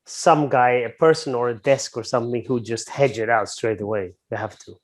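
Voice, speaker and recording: A man's voice: mid-range voice, fairly even intonation, normal speed. A man with a mid-range voice explains the markets in an easygoing, offhand manner. He sounds like he is on a video call mic. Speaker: market analyst co-host. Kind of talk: casual webinar chat.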